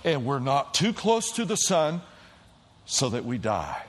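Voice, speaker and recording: A middle-aged male pastor preaching a sermon in a church, telling stories dramatically, dropping to a hush and then shouting as he acts out the quotes. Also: mid-range voice, very animated, measured pace. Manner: dramatic storytelling, acting out quotes, swings from hushed to shouting. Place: church auditorium.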